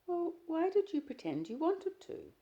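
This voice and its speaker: A woman's voice: extremely high pitch, big pitch swings, unhurried, dark tone, dull audio, voice pushed up, full character voice. A woman reading the lines of an insecure, jealous young woman in an audiobook, asking pleading, needling questions. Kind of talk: audiobook character dialogue.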